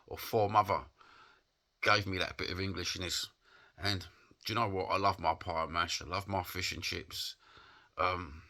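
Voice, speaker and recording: A man's voice: fairly low pitch, pushed and bright. A man with a Cockney accent from England, giving an impassioned, rambling opinion monologue for his vlog. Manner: impassioned, rambling, plain-spoken. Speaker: vlogger.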